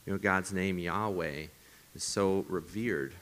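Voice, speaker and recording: A male pastor delivering a sermon in a church service, preaching with emphasis and often dropping to hushed, breathy whispers. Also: low voice, unhurried, few pauses, slight background noise. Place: church service streamed to viewers at home.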